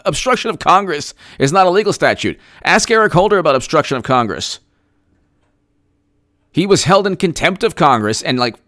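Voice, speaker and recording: A man's voice: medium pitch, a bit bright, no room sound, studio quality. A man giving solo political commentary, arguing his points with rhetorical questions, restarts and scoffing laughs. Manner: frequent restarts and fillers, mocking laughs.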